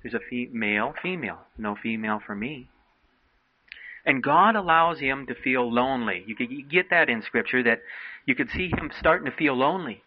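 A man's voice: mid-range voice, normal speed. Earnest male preacher delivering a sermon, mid-range voice, dull lo-fi recording. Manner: earnest exhorting, quotes King James scripture.

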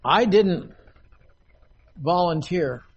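An older man preaching a sermon from a podium in a meeting hall, slow and measured with long pauses. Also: sits high, lively intonation, vocal fry, breathy edge, highs cut off.

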